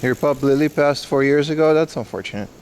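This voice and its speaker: A man's voice: a little high, brisk, darkish tone, slight background noise. Joking man streaming from the street. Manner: joking, answers chat questions aloud. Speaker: livestream host. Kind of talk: casual IRL livestream chat. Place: outdoors on city streets.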